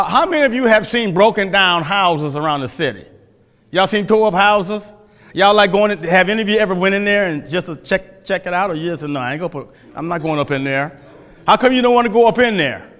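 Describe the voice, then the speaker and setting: High, bright-voiced preacher. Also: male voice. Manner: folksy, asks the class questions, frequent restarts. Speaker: Bible teacher. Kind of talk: Bible study teaching. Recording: echoey hall.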